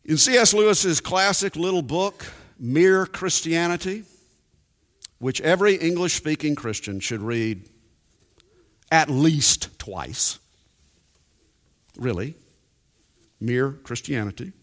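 A man preaching a sermon, emphatic and deliberate, repeating his key points. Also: fairly high pitch, animated, a bit bright, long reverb tail.

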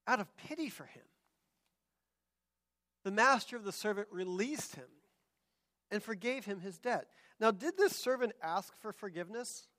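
A man with a fairly high voice preaches a sermon. He talks with animated energy, slipping into different voices as he acts out the people in his stories. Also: normal speed, long pauses. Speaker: pastor.

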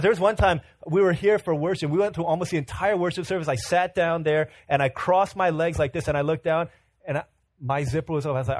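A pastor giving a sermon, telling humorous self-mocking stories with animation, then turning earnest and quieter as he exhorts. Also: high-pitched, no echo.

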